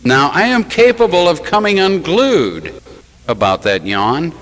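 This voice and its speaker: A man's voice: fairly high pitch, big pitch swings, measured pace, a bit bright, low-quality recording. A man who is a Catholic priest, preaching a sermon in a church with rhetorical questions and wry, self-mocking asides.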